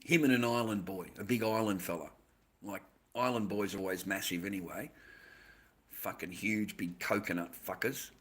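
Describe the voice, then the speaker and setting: A man's voice: fairly low pitch, fairly even intonation, moderate pace. An Australian man chatting casually on a livestream, rambling and swearing constantly, with "mate" in almost every line.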